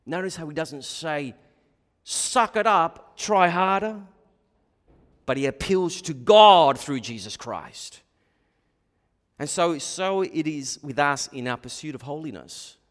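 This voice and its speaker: A middle-aged man preaching a sermon as pastor, shifting between quiet asides and emphatic points. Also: on the high side, expressive, a little slow. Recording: long hall reverb.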